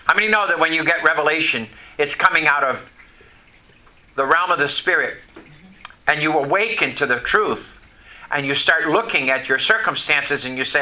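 A man preaching with a very bright, forceful tone and a slightly raised pitch. He speaks in an earnest way and puts rhetorical questions to his congregation. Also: moderate pace. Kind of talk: sermon.

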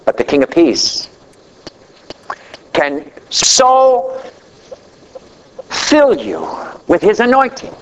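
Male pastor, sermon delivery, unhurried and dramatic, falling phrase endings, faint noise behind. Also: dull audio. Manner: slow, dramatic preaching, drops low at the ends of phrases.

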